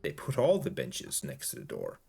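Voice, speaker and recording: A man's voice: mid-range voice, huge pitch swings, normal speed, creaky, a little mellow, slightly rough, pitched above the performer's own voice, exaggerated voice. A man voicing a young woman with a child's mind who speaks in short, simple, childlike sentences, read aloud as a story. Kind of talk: audiobook-style reading.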